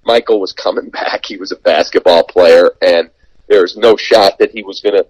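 A man's voice: deep voice, normal speed, no echo, low-quality recording. A man who works as a sports radio and TV broadcaster, telling an anecdote in a casual podcast chat and acting out the quoted voices. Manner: animated anecdote teller, acts out quoted dialogue.

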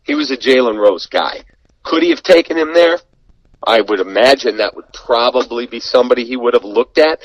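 Sports broadcaster, male, lively anecdote teller who acts out the quotes, mid pitch, dry close-mic sound. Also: a little fast, no echo, poor audio. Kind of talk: storytelling in a podcast chat.

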